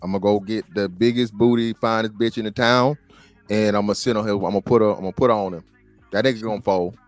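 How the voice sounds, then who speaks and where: A man's voice: on the low side, fairly even intonation, quick pace, no echo, faint music behind. A man co-hosting a podcast, telling a story in casual chat, swearing freely and acting out the people he quotes. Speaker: podcast co-host. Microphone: studio microphone.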